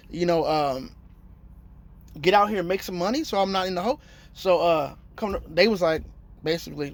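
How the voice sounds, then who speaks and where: Trucker guy, higher voice, slangy, acts out the phone calls in his story. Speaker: truck driver vlogger. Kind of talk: casual vlog rant.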